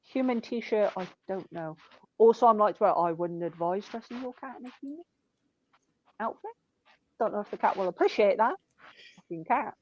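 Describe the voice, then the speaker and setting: A woman's voice: medium pitch, lively intonation, moderate pace, pauses often, no echo, muffled recording. Blunt, sweary woman ranting. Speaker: shop worker telling work stories. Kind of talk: casual chat.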